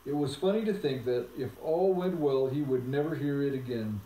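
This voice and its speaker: A man reads a children's novel aloud in a calm, even way. His tone is warm and mellow. The room sounds roomy and he sits back from the mic. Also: mid-range voice, moderate pace, far from the mic. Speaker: narrator. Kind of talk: audiobook reading of a novel.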